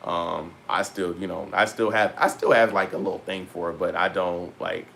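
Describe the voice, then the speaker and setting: A man talking casually to his viewers as a vlogger, loose and rambling with slang and frequent pauses. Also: deep voice, steady tone, vocal fry, fairly bright tone, slight background noise. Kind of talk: casual talk to camera.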